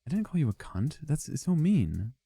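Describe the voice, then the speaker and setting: A man's voice: fairly high pitch, very animated, normal speed, vocal fry, mellow, slightly rough, no room sound, faint music behind. A young man casually commenting on his gameplay as he chats with viewers, joking and swearing freely. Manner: joking, profane, chatting with viewers. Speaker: streamer.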